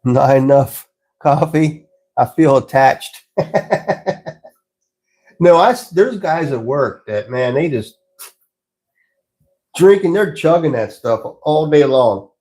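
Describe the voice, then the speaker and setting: Working in his pottery workshop, a man hosts a live stream, chatting easily and rambling with frequent chuckles. His voice is a little high, animated and darkish, and he takes it slowly with long pauses.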